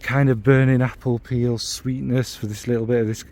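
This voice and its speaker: A man's voice: medium pitch, flat delivery, normal speed, darkish tone. A man with a Northern English accent giving a casual spoken review, meandering as he searches for descriptive words, blunt and sometimes swearing. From Northern England. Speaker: fragrance reviewer.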